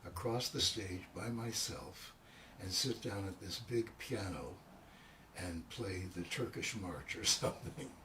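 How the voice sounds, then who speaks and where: A man's voice: sits low, measured pace, sharp tone, far from the mic, slight background noise. A man from Canada, a former radio announcer, co-hosting a casual live video chat with dry, joking quips.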